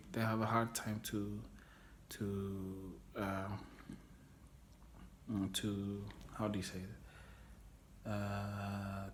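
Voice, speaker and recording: A man with a fairly low-pitched voice, recorded with a little hiss or hum, speaks candidly as a documentary interviewee. He rambles through his personal story, frank, searching for words, casually swearing.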